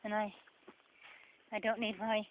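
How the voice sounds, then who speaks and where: In a tinny, phone-style recording with light noise, a woman vlogger strolls a forest trail and rambles sarcastically in her New Jersey accent. Her mid-range voice barely shifts in pitch, and she takes her time.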